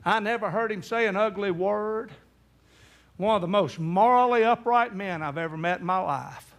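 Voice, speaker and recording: A man's voice: high-pitched, normal speed, creaky. A middle-aged man, an evangelist telling a story in a sermon and acting out the voices of the people in it. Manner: acts out quoted voices, rising to near-shouts in emotional peaks.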